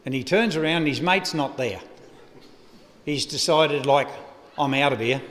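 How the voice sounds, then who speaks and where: An Australian man with a fairly high-pitched voice delivers a eulogy at a lectern microphone. He spins a loose, humorous yarn. His voice rings with long reverb in a funeral hall. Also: moderate pace, a bit bright. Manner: rambling, humorous yarn-spinning. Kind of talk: eulogy anecdote. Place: funeral service venue.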